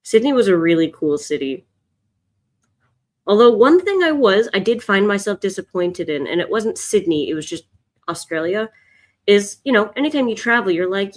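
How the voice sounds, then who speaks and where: A woman's voice: medium pitch, animated, normal speed. A woman hosting a live drawing stream, chatting casually and answering viewers' comments. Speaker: art livestream host. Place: home, in Chicago.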